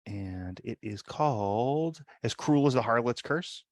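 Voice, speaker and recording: A man's voice: medium pitch, animated, measured pace, no echo, studio quality. A man playing in a tabletop role-playing game, chatting casually and asking about the rules. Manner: chatty, asks about rules, laughs easily. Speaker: player.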